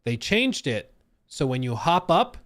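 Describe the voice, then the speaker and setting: A young man hosting a live stream, chatting casually and joking with his chat in an animated way. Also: fairly high pitch, unhurried, dry recording, studio quality. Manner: animated, jokey, reacting to chat. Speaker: streamer host.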